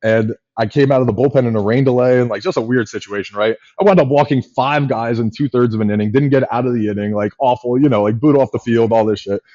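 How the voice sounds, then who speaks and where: A man in his thirties, a former pitcher and podcast guest, telling long stories quickly with many fillers. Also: dry recording. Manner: rapid, animated storyteller with many fillers. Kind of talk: casual storytelling chat. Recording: dull lo-fi podcast audio.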